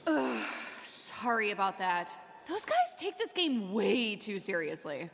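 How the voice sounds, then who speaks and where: A woman voicing a flippant, bratty young princess in an animated series. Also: mid-range voice, a little slow, gravelly, long reverb tail, soft background music, heavily acted. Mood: casual. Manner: sassy, flippant.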